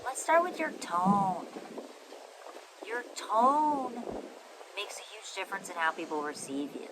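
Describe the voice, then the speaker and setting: A woman podcast host coaches her listeners on communication in a lively, affectionate way, and she often stops to check they are with her. Her voice sits at an ordinary, middle pitch for a woman. A steady noise runs under the recording, with ambient and traffic sounds behind her. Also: a little slow. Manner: animated and affectionate, with frequent checks for agreement. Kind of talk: coaching monologue.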